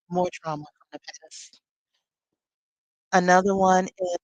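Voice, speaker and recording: A woman's voice: lowish voice, fairly even intonation, moderate pace, dry recording, rough recording. A woman leading a live spiritual teaching, talking expressively with sassy, conversational asides.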